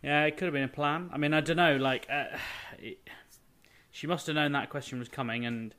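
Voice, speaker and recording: A man's voice: a little high, fairly even intonation, brisk, sharp tone. A man co-hosting a casual podcast, speaking hesitantly and trailing off.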